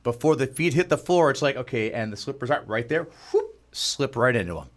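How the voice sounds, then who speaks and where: A man's voice: mid-range voice, expressive, fairly quick. A man co-hosting a podcast, chatting casually and easygoing, often reacting with short replies. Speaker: podcast co-host. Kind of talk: casual chat.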